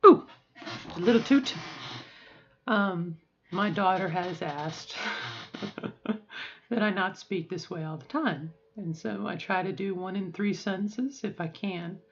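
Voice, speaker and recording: Middle-aged woman vlogging from home, thoughtful and halting, kinda sore strained voice, bit muffled lo-fi audio. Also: mid-range voice, fairly bright tone, slight background noise. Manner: reflective, halting, with frequent fillers and restarts. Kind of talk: personal video diary.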